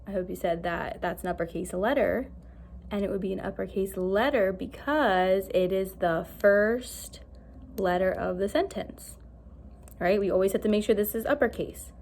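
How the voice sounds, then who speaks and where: Cheerful woman teacher for a recorded lesson for small kids, clear and animated. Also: mid-range voice, a little hiss or hum. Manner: animated, slow and clear, asks pupils questions. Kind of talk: recorded early-grade lesson.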